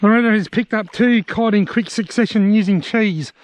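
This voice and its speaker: A joking Australian man talks through his evening on the riverbank in easy, chatty commentary. His voice sits high for a man. He rambles between bites and slips gags in without warning. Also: moderate pace, a little hiss or hum. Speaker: fishing vlogger. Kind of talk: casual outdoor commentary to camera.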